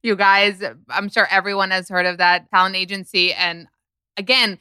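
A woman podcast host chatting casually, her voice bright and smooth. She talks emphatically, full of quick asides, and the sound is dry and close. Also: mid-range voice, steady tone, dry recording. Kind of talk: casual chat.

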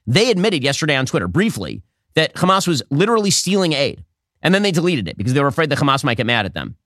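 A man hosting a political commentary show, arguing fast with a sarcastic, combative edge. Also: a little high, big pitch swings, fairly bright tone, no echo, clean studio sound. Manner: rapid, sarcastic, argumentative. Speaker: podcast host.

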